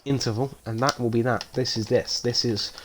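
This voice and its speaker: A man giving live race commentary on a stream, with casual, rambling, self-mocking banter that turns loud and excited when incidents happen. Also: medium pitch, normal speed, slight background noise. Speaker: sim racing league commentator.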